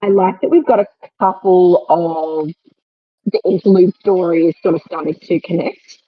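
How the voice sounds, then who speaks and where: A woman's voice: fairly low pitch, normal speed, phone-quality sound. A woman co-hosting a podcast, chatting casually and laughing often. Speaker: podcast co-host. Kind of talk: casual chat.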